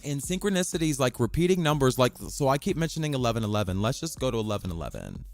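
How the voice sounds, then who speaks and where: A man hosting a casual solo podcast from his bedroom, rambling and excitable, swearing offhandedly and reading passages aloud from a website. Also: mid-range voice, fast talker, creaky, no echo, soft background music. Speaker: podcast host.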